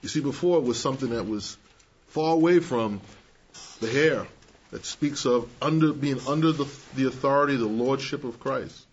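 A man's voice: medium pitch, husky, muffled recording. Emphatic man preaching a sermon. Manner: measured, emphatic, acting out quoted characters.

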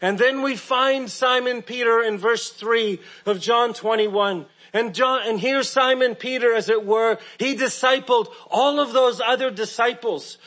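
A man preaching a sermon, earnest and asking rhetorical questions, often dropping soft and low at key words.

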